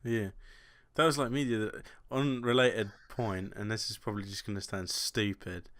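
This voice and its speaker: A man's voice: fairly low pitch, steady tone, moderate pace, a bit bright. Young man telling rambling stories. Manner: rambling, self-deprecating storytelling with frequent laughs. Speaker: podcast co-host. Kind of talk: casual chat.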